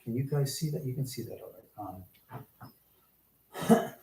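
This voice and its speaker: A man's voice: mid-range voice, a little slow, warm tone, a little hiss or hum. A man hosting a casual livestream from his home, chatting with viewers, exclaiming and swearing freely. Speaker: livestream host. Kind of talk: casual live-stream chat, answering viewers.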